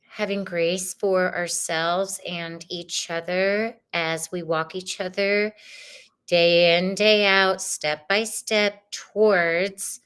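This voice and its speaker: A woman's voice: lowish voice, fairly bright tone, clean tone. A middle-aged woman hosting a live-streamed tarot reading, chatty and exclamatory with spiritual messages. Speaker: tarot reader and host.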